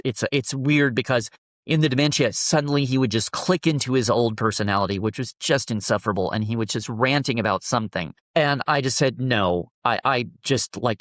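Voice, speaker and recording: A man as an interview guest, telling a heartfelt personal story in an earnest, halting way, often restarting his sentences. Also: mid-range voice, no echo, studio quality.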